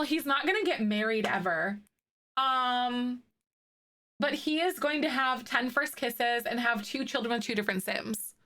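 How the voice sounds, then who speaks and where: Bright-voiced young woman streamer. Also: a little high. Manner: chatty, reacting to chat with laughs and fillers. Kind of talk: casual live-stream chat while playing.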